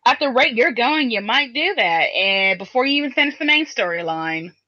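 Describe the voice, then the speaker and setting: Woman, podcast co-host, rambling casual explaining, sharp bright tone, muffled lo-fi audio. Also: on the high side, expressive, normal speed. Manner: rambling, explains at length with restarts. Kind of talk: casual chat. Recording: dull lo-fi podcast recording.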